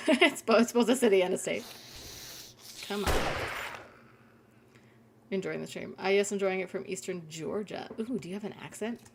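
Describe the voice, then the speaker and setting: A woman's voice: lowish voice, a little hiss or hum. A young woman, chatting casually on a gaming live stream, telling stories and swearing freely. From Canada. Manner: chatty storyteller, swears freely, reads chat aloud.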